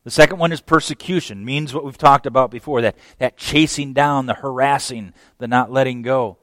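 A man preaching a sermon as pastor, emphatic, swinging from hushed phrases to loud exclamations. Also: medium pitch, normal speed, no room sound.

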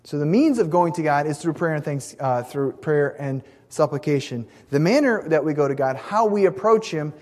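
A man's voice: a little high, animated, moderate pace, few pauses, darkish tone. A man preaching a sermon in an earnest, emphatic way, stressing key words and sometimes restarting a phrase. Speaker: pastor. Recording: long hall reverb.

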